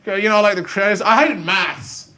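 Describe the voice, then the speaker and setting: A young Australian man doing a self-mocking stand-up comedy set, animated and full of silly voices, in front of a live school audience. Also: sits high, normal speed. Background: faint audience ambience and laughter.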